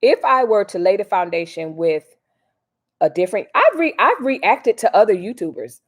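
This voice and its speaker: A woman's voice: medium pitch, big pitch swings, moderate pace, breathy edge. A woman hosting a casual live stream, chatting in a slangy, direct way to her viewers. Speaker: livestream host.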